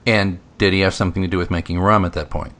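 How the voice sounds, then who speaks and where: A man with a very deep voice hosts a chatty interview. He jokes, interrupts, and laughs at himself. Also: steady tone, quick pace, fairly bright tone. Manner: jokey, interrupting, self-deprecating. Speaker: podcast host. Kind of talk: podcast interview.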